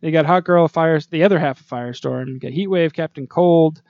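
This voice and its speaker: A man's voice: a little high, brisk, darkish tone, dry recording. A man chats loosely on a podcast, reeling off details in a slightly raised voice. The sound is dry and close, muffled like a lo-fi recording. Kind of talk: casual chat.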